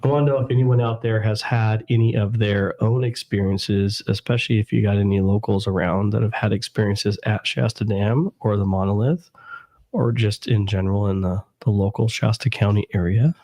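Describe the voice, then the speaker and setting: A slightly hoarse man with a cold, co-hosting a paranormal live stream in an easygoing, self-deprecating way. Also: fairly low pitch, steady tone, moderate pace, dark tone. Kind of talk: casual live-stream chat.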